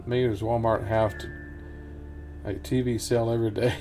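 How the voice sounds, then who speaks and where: Relaxed, rambling middle-aged man. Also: lowish voice, normal speed, pauses often, soft background music. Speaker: gameplay commentator. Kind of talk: casual let's-play commentary.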